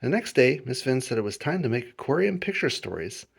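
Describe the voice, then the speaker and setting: A man reading a children's picture book aloud as host, in an expressive, lilting storyteller manner. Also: mid-range voice, fairly quick, vocal fry, a little hiss or hum.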